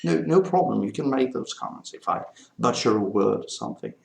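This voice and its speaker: A man's voice: medium pitch, animated, fairly quick, gravelly, echoey room. A man from Belgium, a native French speaker with a Belgian French accent, rambling through a casual vlog chat. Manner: rambling, meandering talk. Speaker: vlogger.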